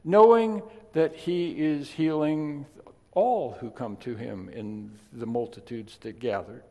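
A man preaching a sermon, chatty in his asides and then emphatic and loud on key points. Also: mid-range voice, slow pace, vocal fry. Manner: conversational, swings from quiet asides to emphatic loud stresses. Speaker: pastor. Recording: long reverb of a large hall.

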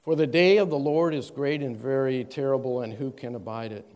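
A man's voice: mid-range voice, a little mellow. Man preaching in a reverberant hall. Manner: reads scripture in a measured, stressing cadence, then explains plainly. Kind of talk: sermon with scripture reading.

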